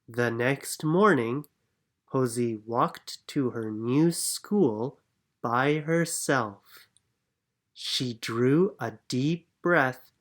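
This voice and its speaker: Very slow, calm storybook reader. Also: mid-range voice. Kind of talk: reading a children's picture book aloud.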